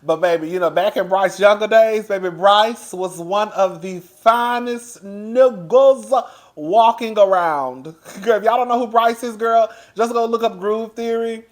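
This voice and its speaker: Loud, laughing man gossiping slowly. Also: sits high. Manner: loud and animated, laughs often; chatty, addresses listeners as girl. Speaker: TV show reviewer. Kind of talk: casual recap commentary.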